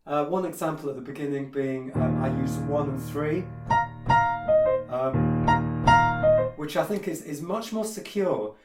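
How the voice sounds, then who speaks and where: A man's voice: fairly high pitch, measured pace, long pauses. A man teaching a piano piece in a casual tutorial, opinionated and hesitant, with many fillers and restarts. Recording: echoey room with piano playing.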